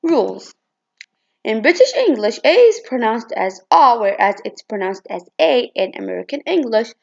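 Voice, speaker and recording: A woman's voice: a little high, very animated, normal speed, creaky, highs cut off. A woman reading a presentation on vowel pronunciation from her slides, with hesitant restarts and fillers. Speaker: student presenter.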